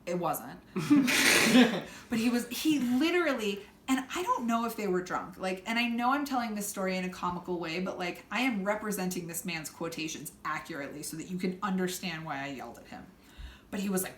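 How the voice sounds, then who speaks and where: Animated woman telling a profane comic story. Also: mid-range voice, moderate pace. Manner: animated, laughing, profane, acts out quoted people. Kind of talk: casual comedic storytelling. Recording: roomy room with faint background noise.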